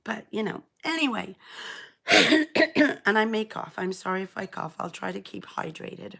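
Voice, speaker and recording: A middle-aged woman with a croaky, gravelly, hoarse voice hosts a relaxed live stream. She rambles in a chatty way and greets her viewers by name, at an ordinary pitch. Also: a little slow. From England. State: hoarse, croaky after illness. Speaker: knitting channel host. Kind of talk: casual live-stream chat.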